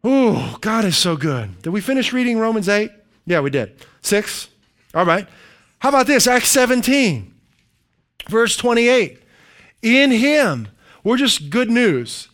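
A man preaching with a notably high voice. He is emphatic and repetitive, and he leads the congregation through spoken declarations in call-and-response. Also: a bit bright. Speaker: pastor. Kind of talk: sermon.

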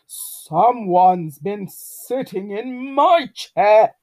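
A woman voicing a big, gruff father bear in a children's storybook, growling slowly. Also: medium pitch, expressive, darkish tone. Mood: grumbling. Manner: growling, slow and heavy.

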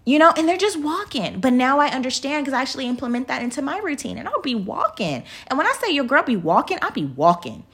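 A woman in her thirties with a slightly high voice hosts a podcast and gives a casual, motivational talk. She is chatty, laughs often and speaks straight to her listeners as y'all. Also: big pitch swings, fast, few pauses, fairly bright tone, slightly rough. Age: 30s. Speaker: podcast host.

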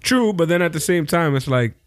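A man's voice: fairly high pitch, lively intonation, no room sound. A young adult man co-hosting a podcast, swearing freely and joking through casual banter. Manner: profane, joking, quick banter. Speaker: podcast co-host. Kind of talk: casual chat.

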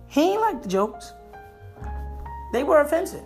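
A man telling a comic story from his own life in an animated, playful and jokey way. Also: very high-pitched, unhurried, long pauses, soft background music.

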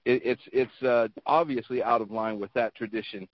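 A man speaking in a group discussion, measured, with slightly formal phrasing. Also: medium pitch, fairly even intonation, dry recording. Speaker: meeting participant. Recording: dull dry lo-fi audio.

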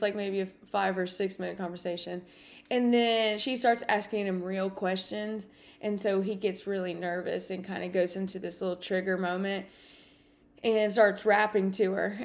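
Speaking at a medium pitch, a woman hosting a podcast recounts something from her own life in a relaxed, lively way. She uses many fillers and performs the dialogue.

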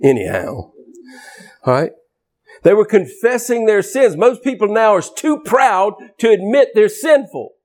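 A male preacher delivering a fiery, scolding sermon in a high voice that leaps all over the place. He drives his points hard, rising loud and then dropping low. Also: very animated, unhurried.

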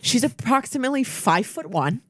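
A woman's voice: fairly high pitch, brisk, breathy edge, no echo. A woman tells a heated story on a casual podcast, acting out every person in it and swearing freely. Her voice swoops up and down with real animation, and the sound is dry and close, with no room around it. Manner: animated, profane, acts out the other people in her story. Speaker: podcast co-host.

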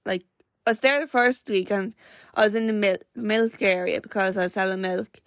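A woman's voice: medium pitch, fairly even intonation, moderate pace, no echo, studio quality. A young Irish woman hosting her own podcast, rambling through a story with lots of "like" and self-corrections. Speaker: podcast host. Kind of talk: casual chatty storytelling.

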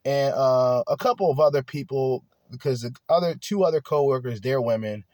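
A man's voice: medium pitch, moderate pace, a little mellow, no echo, studio quality. Blunt, profane man ranting casually. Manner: blunt, profane, rambling with restarts. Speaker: podcast host. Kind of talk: casual monologue.

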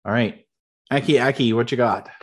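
A man's voice: mid-range voice, normal speed. A man running a tabletop game as game master, explaining rules patiently with lots of fillers.

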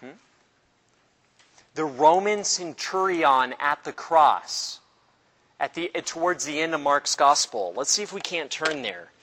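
A man leads an informal Bible study in a large hall, and the room's long echo trails after each phrase. His voice is fairly high and bright. He keeps it lively, joking with the class and acting out the people in the stories. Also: slow pace. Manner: animated, jokey, acts out voices of people in the story.

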